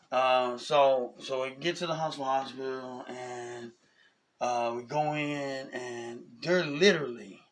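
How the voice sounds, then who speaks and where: A man, telling a personal story in a casual, animated way, often asking "you know what I'm saying?". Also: mid-range voice. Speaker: vlogger.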